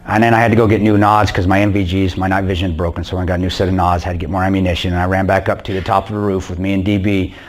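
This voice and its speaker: A man's voice: low voice, level tone, rapid-fire, hardly any pauses. A man giving a blunt, intense personal war story to a church audience. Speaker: guest speaker.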